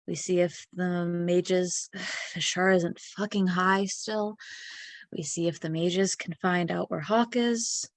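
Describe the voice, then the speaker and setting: A woman's voice: lowish voice, a little mellow, dry recording. A woman voicing a protective male adventurer who curses bluntly, in a tabletop game. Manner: blunt, cursing.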